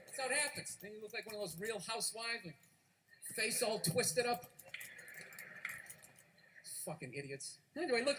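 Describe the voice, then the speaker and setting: A stand-up comedian, a man with a fairly high voice, rants and mocks in a profane routine. He works a live room from the stage over a handheld mic. The recording carries a clear layer of background noise. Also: lively intonation, moderate pace, bright, forceful tone, low-quality recording. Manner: profane, ranting, mocking. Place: stage before a live audience.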